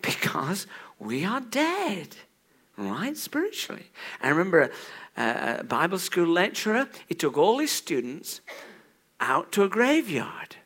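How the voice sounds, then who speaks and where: Male preacher, sermon, bright tone, lively pitch, hushed to loud. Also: a little slow, slightly rough. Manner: animated, swings from hushed to loud. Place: church.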